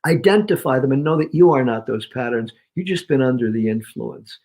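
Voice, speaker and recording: A New York man appears as a guest on an interview show, delivering punchy, emphatic motivational talk. His mid-range voice is brisk and energetic, driven by punchy repetitions.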